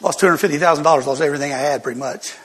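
An older man preaching a sermon, telling folksy stories with sudden loud outbursts. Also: on the high side, racing, breathy edge. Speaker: pastor. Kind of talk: sermon storytelling. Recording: long hall reverb.

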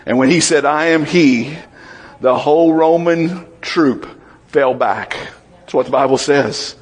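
Man, preacher, conversational sermon, slightly high voice, husky. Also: unhurried. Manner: conversational, asks the congregation questions, acts out Bible voices.

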